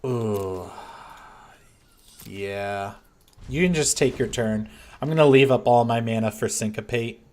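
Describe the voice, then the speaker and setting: A man of middle pitch commentates his own card game at an unhurried pace. He mutters through his plays and turns loud and exasperated when a move goes wrong. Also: slight background noise. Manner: reactive, swings between muttering and frustrated outbursts. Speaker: gameplay commentator. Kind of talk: thinking aloud over a card game.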